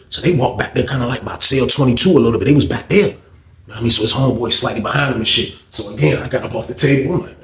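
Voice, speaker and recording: A man casually telling a story in a profane, animated way that jumps into shouts. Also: medium pitch, very fast, creaky, reverberant.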